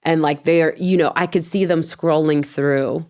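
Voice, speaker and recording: A woman guest telling a story in an interview. She is animated, laughs often, acts out her own past words, and swears bluntly. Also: sits low, measured pace.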